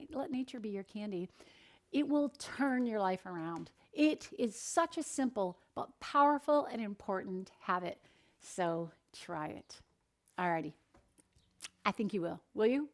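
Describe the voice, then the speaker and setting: A middle-aged woman nutritionist giving an animated, encouraging talk, sharing stories from her counseling work. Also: mid-range voice, measured pace.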